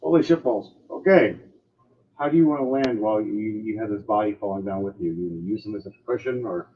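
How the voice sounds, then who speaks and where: A man narrating as game master of a tabletop game, lively and full of sound effects. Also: lowish voice, brisk, narrow, tinny audio, a little hiss or hum.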